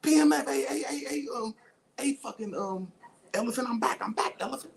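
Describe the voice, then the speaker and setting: A man doing a high, excited little mouse. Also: fast talker, slight background noise. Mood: triumphant. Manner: excited, profane. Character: small scrappy male mouse, the little guy.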